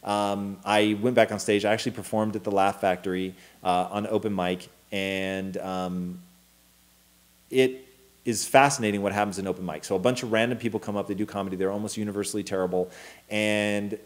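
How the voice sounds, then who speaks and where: A man in his thirties co-hosting a casual talk show, telling a story with animated energy, acting out quotes and swearing freely. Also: lowish voice, a little fast. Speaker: co-host.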